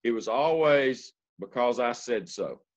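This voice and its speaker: A man's voice: mid-range voice, animated, a little slow. An older man, a basketball coach hosting a podcast, speaking in an earnest, reflective, plainspoken way. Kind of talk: casual podcast interview. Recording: slightly muffled audio.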